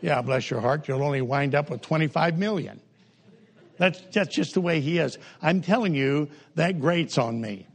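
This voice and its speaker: An older man preaching a humorous sermon in a folksy, joking way, with sudden jumps in pitch and pace. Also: moderate pace, vocal fry.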